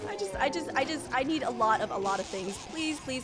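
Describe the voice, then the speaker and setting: Over game music, a young woman provides live gameplay commentary while streaming, panicking and pleading with the game as she exclaims. Her high voice is fast, with hardly any pauses.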